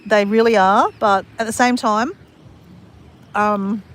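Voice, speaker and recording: A woman's voice: mid-range voice, steady tone, slow pace, a little hiss or hum. A woman in her forties from Australia, chatting casually to camera in a rambling, laughing way. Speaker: vlogger.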